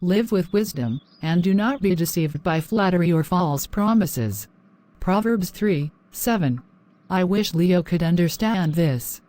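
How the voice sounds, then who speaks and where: A woman's voice: lowish voice, dark tone, natural voice. A woman playing a worried, devout wife. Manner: anxious, quoting scripture. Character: worried wife of a generous man.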